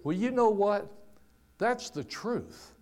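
Dirígete a la congregación como un predicador mayor de voz aguda, contando historias con énfasis. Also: male voice, sits high, animated, takes it slowly, a little mellow. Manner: folksy and emphatic, with restarts and asides. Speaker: preacher. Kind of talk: storytelling sermon.

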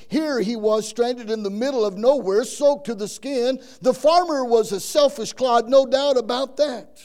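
A man's voice: very high voice, warm tone. A man preaching a folksy sermon, telling stories and acting out the quoted voices.

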